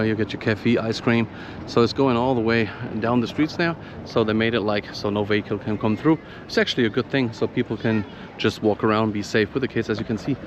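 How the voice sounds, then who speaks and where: German-accented man vlogging, noisy. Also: fairly low pitch. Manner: rambling, many fillers, hushed inside the church. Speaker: travel vlogger. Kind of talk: casual walking vlog. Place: town square, then inside a church. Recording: muffled, noisy background.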